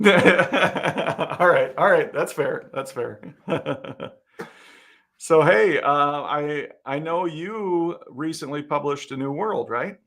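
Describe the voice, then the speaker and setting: Gravelly-voiced easygoing male host. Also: fairly high pitch, slow pace, fairly bright tone. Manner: easygoing, laughs often, frequent restarts. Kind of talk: casual chat.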